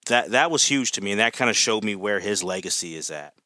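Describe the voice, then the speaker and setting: A man's voice: lowish voice, animated, fairly quick, sharp tone, no echo. A man talking as a podcast guest in casual chat, enthusiastic and rambling, with lots of fillers.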